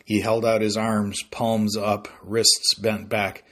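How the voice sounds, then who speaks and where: Guy narrating a book, kinda husky, calm and dry. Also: fairly low pitch, slow pace. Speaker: audiobook narrator. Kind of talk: scripted narration.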